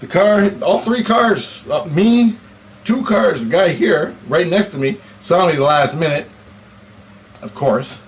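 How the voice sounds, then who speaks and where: Man, profane rambling vlog rant, swears nonstop, animated storyteller, faint background hiss. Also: on the high side, takes it slowly. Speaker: vlogger.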